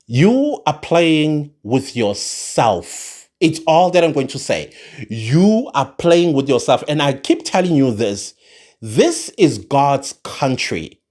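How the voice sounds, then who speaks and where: Impassioned man, lively pitch. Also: a little slow. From South Africa. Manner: impassioned, emphatic, repeats points for force. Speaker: commentator. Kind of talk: political commentary monologue.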